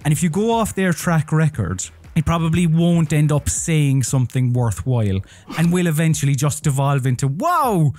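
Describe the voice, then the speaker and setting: A man's voice: fairly high pitch, moderate pace, warm tone, no echo. A man reviewing a game in casual chat, with dry, wry humour. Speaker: games reviewer. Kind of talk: casual chat about games.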